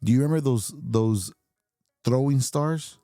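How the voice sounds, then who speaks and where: A man's voice: mid-range voice, measured pace, mellow, no room sound, studio quality, soft background music. A man in his fifties hosting a podcast, delivering a blunt, swear-filled rant and laughing at his own points. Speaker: podcast host. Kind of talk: profane ranting monologue.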